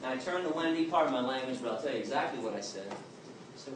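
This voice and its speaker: A man's voice: medium pitch, quick pace. Guy telling his story at a q and a, emphatic, big roomy hall, mic far away. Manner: emphatic, plain-spoken, lively storytelling. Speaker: speaker answering audience questions. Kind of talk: public talk, Q and A. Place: large echoey hall. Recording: echoey hall from far off, noisy.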